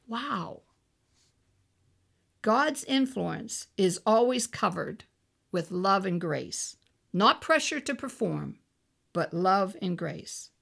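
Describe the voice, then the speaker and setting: A woman's voice: fairly high pitch, gravelly, fairly bright tone. A woman ministering, telling a personal testimony in an earnest storytelling way and acting out the voices she quotes. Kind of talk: testimony sermon.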